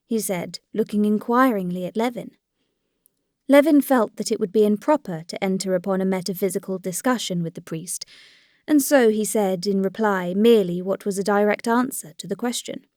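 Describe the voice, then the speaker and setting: In clean studio sound with no room sound, a female audiobook narrator reads a classic novel from a script. Her mid-range voice carries a measured, even storytelling tone.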